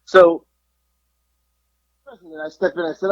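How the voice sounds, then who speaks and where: A man's voice: a little high, animated, moderate pace, pauses often, no room sound, lo-fi sound. A man from South Florida co-hosting a podcast, telling a story in casual chat, acting out quotes and swearing freely. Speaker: podcast co-host.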